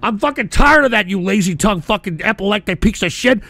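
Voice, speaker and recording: A man hosting a call-in stream show, ranting abrasively, hurling insults and often bursting into shouts while drinking beer. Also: high voice, lively intonation, fast, creaky. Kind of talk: profane live-stream rant.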